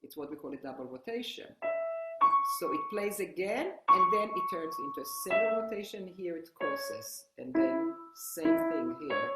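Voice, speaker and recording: Woman teaching at a piano. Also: lowish voice. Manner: explains while playing, halting restarts. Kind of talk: instructional demonstration at the piano. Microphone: online workshop, single room mic. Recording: roomy sound with loud piano playing. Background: piano playing.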